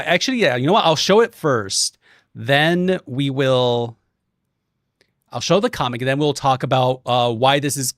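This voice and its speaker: A young man streaming, chatting casually and telling a story, animated and swearing, acting out quotes in different voices. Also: medium pitch, dry recording, studio quality.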